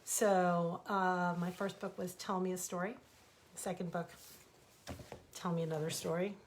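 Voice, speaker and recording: Woman, bedtime story reading, gentle, expressive, webcam, author reading her own fables. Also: fairly low pitch, normal speed, a little hiss or hum.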